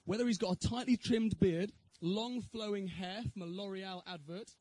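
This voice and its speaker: Earnest high-voiced man giving a talk. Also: steady tone, moderate pace, a little mellow, no room sound, poor audio. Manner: earnest, rhetorical questions to the audience. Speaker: speaker giving a Christian talk. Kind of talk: evangelistic talk with personal testimony.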